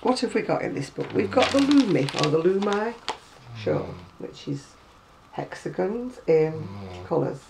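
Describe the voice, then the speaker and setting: Chatty British woman with a creaky voice. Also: fairly low pitch, very animated, measured pace, background noise. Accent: British English. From Britain. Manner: chatty, rambling, wry asides. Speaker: crochet vlogger. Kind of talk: casual chat showing magazines. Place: at home.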